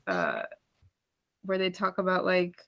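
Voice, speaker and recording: Bright-voiced woman recapping a movie. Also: fairly low pitch, huge pitch swings, vocal fry. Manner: retells scenes with quick quoted character voices. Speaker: podcast co-host. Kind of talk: casual chat recapping a movie.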